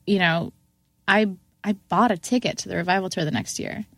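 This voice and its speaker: Her fairly low voice moving briskly, a young woman who is a musician appears as a podcast guest and casually recounts a story. She raises her voice to act out what others said, stays animated, and fills her speech with "like," all in a dry, clean studio recording.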